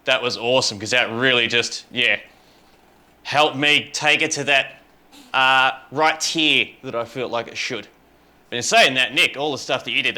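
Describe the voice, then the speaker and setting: A man's voice: medium pitch, sharp tone. A man in a casual podcast chat, talking enthusiastically and rambling about his guitar parts. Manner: enthusiastic, rambling, full of fillers. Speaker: guitarist and co-host.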